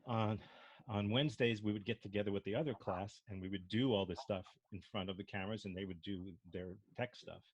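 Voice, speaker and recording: A man's voice: lowish voice, steady tone, fairly quick, no echo. An older man from Brooklyn, with a faint Brooklyn accent, telling rambling stories with many restarts as an improv instructor. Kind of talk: casual discussion.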